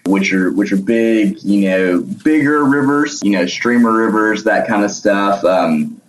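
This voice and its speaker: A man's voice: on the low side, a little slow, a little hiss or hum. Hesitant Arkansas man in an echoey room. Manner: hesitant, many fillers and restarts, laughs easily. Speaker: guest, nonprofit founder. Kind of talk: casual interview.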